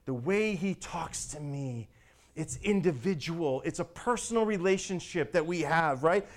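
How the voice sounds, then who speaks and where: A man's voice: on the high side, lively intonation, unhurried. A man preaching a sermon in an emphatic, conversational way, repeating phrases for weight.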